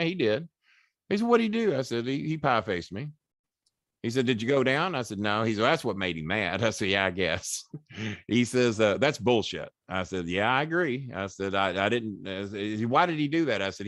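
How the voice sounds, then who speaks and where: A man's voice: mid-range voice, a bit bright, no room sound, clean studio sound. An older man, a podcast guest, animatedly retelling a story in casual chat, swearing freely and acting out the quoted voices.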